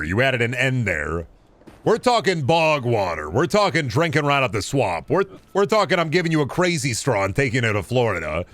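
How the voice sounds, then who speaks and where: A man's voice: mid-range voice, fairly bright tone. A man streaming a video game, chatting casually and riffing on absurd jokes with plenty of profanity. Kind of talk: casual live-stream chat while gaming.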